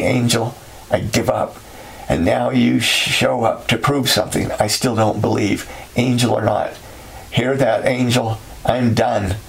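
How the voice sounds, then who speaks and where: A man narrating a story in a steady, somber way. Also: on the low side, gravelly, rough recording.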